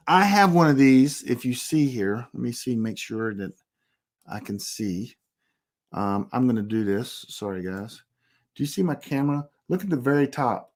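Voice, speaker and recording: A man giving a casual instructional talk on online privacy, emphatic and rambling, often repeating his warnings. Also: fairly high pitch. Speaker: presenter giving a privacy tutorial.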